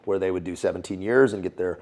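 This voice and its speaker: Fast and deep, with a darkish tone, the voice belongs to a former Navy SEAL and Foreign Legionnaire being interviewed casually. He tells a story in slang peppered with swear words, laughing frequently.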